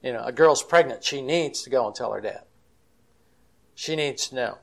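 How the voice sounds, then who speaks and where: A man's voice: mid-range voice, normal speed, gravelly. Guy telling counseling stories at a conference, folksy and chatty, acts out the quotes. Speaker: Christian counselor and conference speaker. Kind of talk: storytelling conference talk.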